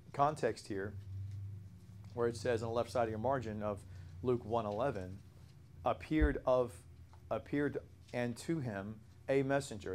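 A man's voice: mid-range voice, a little mellow, slight background noise. A man leading a Bible study class, explaining in an earnest way with frequent restarts and self-corrections.

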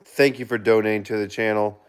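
A man hosting a casual live stream, reading viewer comments aloud and giving shout-outs, earnest with sudden excited outbursts. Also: lowish voice, clean tone. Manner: reads chat aloud and gives quick shout-outs. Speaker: livestreamer reading viewer chat.

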